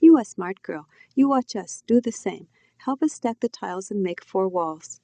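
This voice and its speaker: A woman's voice: mid-range voice, lively intonation, normal speed, mellow, no echo. A woman voicing a kindly older aunt who speaks simple, broken English in an encouraging way. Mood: gentle.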